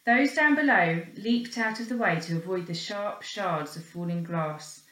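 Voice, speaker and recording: A woman reading a children's storybook aloud in an expressive, animated way, acting out the sound effects. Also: on the low side, unhurried, roomy sound, rough recording.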